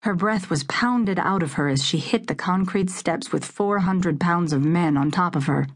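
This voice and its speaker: A woman narrates a crime novel in steady, measured tones. Her voice sits on the low side, carrying the tension of the scene without hurry. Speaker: audiobook narrator. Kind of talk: scripted dramatic narration.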